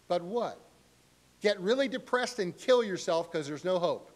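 At a normal speed, a middle-aged male pastor gives a spirited sermon, performing different voices with sharp climbs in pitch.

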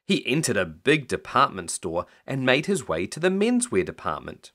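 A man reading a picture book aloud as a bedtime story, in an expressive storytelling manner. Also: medium pitch, normal speed.

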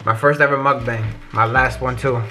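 A young man talking in a casual vlog, slangy and rambling, often getting animated. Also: medium pitch, normal speed, faint music behind. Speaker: YouTuber. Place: car at a drive-thru, then indoors at home.

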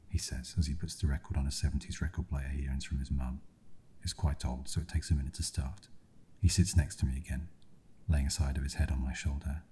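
Male ASMR storyteller, whispered role-play, very deep and husky. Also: level tone, fairly quick. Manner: soft, hushed reading.

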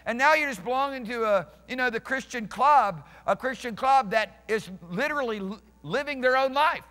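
A man's voice: extremely high pitch, expressive, normal speed, pushed and bright. A male pastor preaching a sermon emphatically, restarting phrases and questioning his congregation. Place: church sanctuary. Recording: reverberant church hall.

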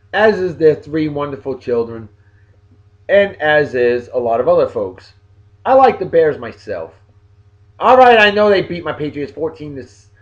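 A man with a New England accent and a slightly high voice hosts a casual video blog, giving shout-outs and joking as he speaks straight to his viewers. The recording sounds muffled.

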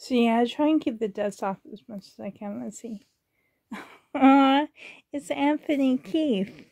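A woman chatting casually in her home bedroom, soft-spoken and doting, often dropping into a whisper, filming on a handheld camera. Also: on the high side, dry recording. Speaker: doll collector vlogger. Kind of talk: casual show-and-tell chat.

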